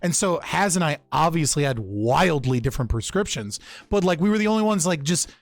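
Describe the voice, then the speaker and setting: A man's voice: on the high side, lively intonation, a little fast, dry recording. Blunt, profane male podcast host. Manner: blunt, heavily profane, rambling. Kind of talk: casual chat.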